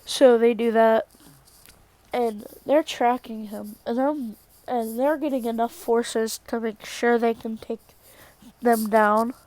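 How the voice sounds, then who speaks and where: A woman's voice: fairly high pitch, steady tone, takes it slowly, darkish tone, dry recording. A woman casually retelling a fan story in a rambling way, often correcting herself.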